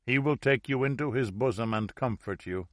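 A man reading aloud and voicing an elderly Orthodox priest who speaks low, hushed and soothing. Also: moderate pace, dry recording, clean studio sound, lightly acted.

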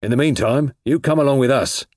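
A man voicing a sceptical, sneering detective sergeant with a husky voice. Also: medium pitch, a little fast, a little mellow, no echo, studio quality, voice pushed up, lightly acted.

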